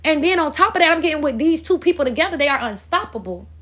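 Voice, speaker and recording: A woman's voice: high voice, lively intonation, fast talker, sharp tone. A woman giving a casual astrology reading in a blunt, profane, rambling way, as if channeling spirit messages. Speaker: spiritual reader.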